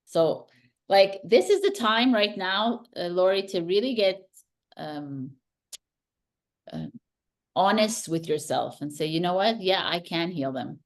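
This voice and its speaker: A woman's voice: lowish voice, lively intonation, measured pace. A woman hosting a casual spiritual chat as a tarot reader, earnestly passing on intuitive messages with emphasis.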